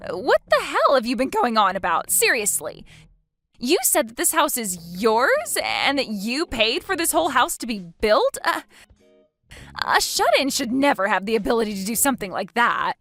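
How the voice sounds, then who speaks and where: Brief: woman reading as a high, stammering, indignant sister-in-law in a texting story. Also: very animated, normal speed, a bit bright, faint music behind. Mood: flustered. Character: shrill scornful sister-in-law, young adult woman.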